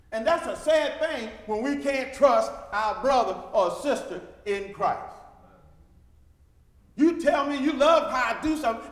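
A man preaches in a high voice, his lines swinging from loud and emphatic to quiet. His words ring out in a big church hall with a long, echoing tail. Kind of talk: sermon. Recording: echoey hall reverb.

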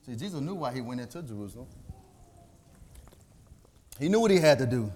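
A man's voice: mid-range voice, sing-song, brisk, long pauses, darkish tone. A man preaching a sermon, quoting scripture by chapter and verse and rising to near-sung emotional peaks.

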